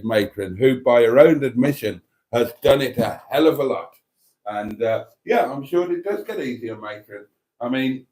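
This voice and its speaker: A man's voice: mid-range voice, a little mellow. Wry man hosting a livestream. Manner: wry, teasing, mock-serious rambling asides. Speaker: livestream host. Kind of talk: casual livestream chat, reading out viewer comments.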